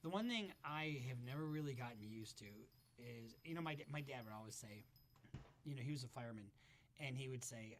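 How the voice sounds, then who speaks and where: A man's voice: medium pitch, animated, a little fast. A man hosting casual reaction commentary, talking bluntly and profanely as he thinks aloud. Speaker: commentary host.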